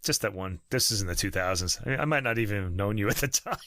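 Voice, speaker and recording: A man's voice: lowish voice, expressive, fast talker, sharp tone, no echo. Rambling man in his fifties, dry sound. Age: 50s. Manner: rambling, self-correcting, chuckling. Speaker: podcast co-host. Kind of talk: casual chat about classical music.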